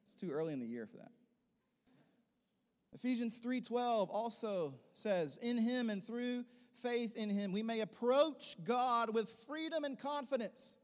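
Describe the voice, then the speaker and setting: A man preaching a sermon as a pastor, rising into loud emphatic bursts and then dropping into softer, quieter teaching. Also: extremely high pitch, animated, measured pace, big-room sound.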